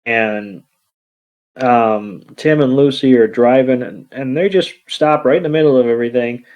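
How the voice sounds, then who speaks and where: A man's voice: mid-range voice, moderate pace. A man with a mid-range voice walks through a movie scene by scene on a podcast. He rambles, with plenty of fillers. The recording sounds dull and lo-fi. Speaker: podcast co-host. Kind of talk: casual movie recap chat.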